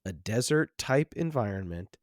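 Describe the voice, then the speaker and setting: A man's voice: fairly low pitch, lively intonation, moderate pace, dry recording, studio quality. Reflective man hosting a film podcast. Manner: rambling, many restarts and fillers, reflective. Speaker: podcast host. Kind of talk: casual film discussion.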